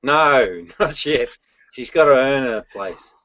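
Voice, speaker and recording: A man's voice: medium pitch, lively intonation, takes it slowly, fairly bright tone, dry recording. An Australian man hosting a live stream, laughing often and teasing in Aussie slang. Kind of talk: casual live-stream banter. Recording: lo-fi stream audio with faint hiss.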